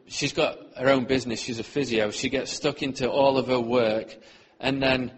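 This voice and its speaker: Husky-voiced man preaching. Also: mid-range voice, fairly even intonation, moderate pace. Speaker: church speaker. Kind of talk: sermon testimony.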